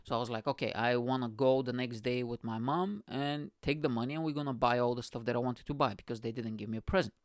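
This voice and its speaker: A man's voice: medium pitch, steady tone, quick pace, few pauses, no room sound. A man, full of swearing and asides to the listener. He laughs at his own tale as he goes. The recording is close and dry. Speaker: comedian and podcast host. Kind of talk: storytelling monologue.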